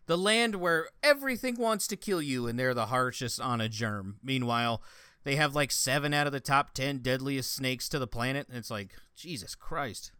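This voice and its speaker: A man co-hosting a podcast in casual chat, an animated storyteller who swears freely. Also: mid-range voice, normal speed, clear, resonant tone, dry recording, clean studio sound. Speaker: podcast co-host.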